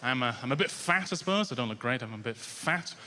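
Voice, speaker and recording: On a large theatre stage, a male stand-up comedian in his 20s performs his routine in a deadpan, self-mocking style with drawn-out punchlines. His pitch is lively, and the live venue adds reverb.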